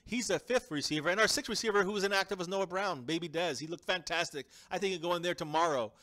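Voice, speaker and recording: Fast-talking guy hosting a fan live stream, bright voice, pumped up and emphatic. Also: high-pitched. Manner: energetic, emphatic, addresses viewers as guys. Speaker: fan show host. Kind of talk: casual live-stream sports chat.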